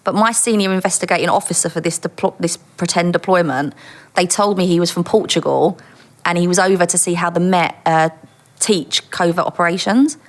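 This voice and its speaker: A woman telling stories in a casual interview. She is animated and laughs often, and she acts out the voices in her stories. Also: on the low side, brisk. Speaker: guest, former undercover police officer.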